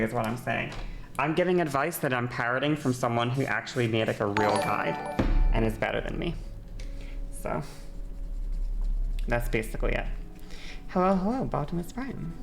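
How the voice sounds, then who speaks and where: A young woman from Northern Ireland chatting casually on stream while doing her makeup, rambling with lots of fillers. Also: very deep voice. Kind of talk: casual stream chat during a makeup tutorial.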